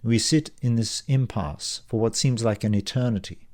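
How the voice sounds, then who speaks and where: A man reading his own novel aloud as a first-person audiobook, in a measured, descriptive storytelling manner. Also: mid-range voice, a little mellow.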